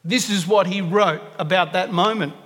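Male preacher, high-pitched, earnest and emphatic, echoing through a large hall. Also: normal speed, fairly bright tone. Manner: earnest, emphatic, repeats key phrases for stress. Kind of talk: sermon. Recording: long reverb of a large hall.

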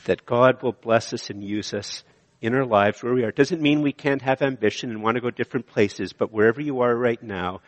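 A middle-aged man preaching a sermon as pastor, impassioned and repetitive, swinging from hushed lines to loud ones. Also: mid-range voice, brisk. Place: church sanctuary. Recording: long hall reverb.

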